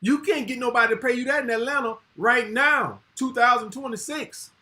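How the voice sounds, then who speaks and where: A man's voice: very high-pitched, fairly quick, pushed and bright. A middle-aged man in casual podcast chat, laid-back and blunt, heavy on slang. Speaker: podcast co-host.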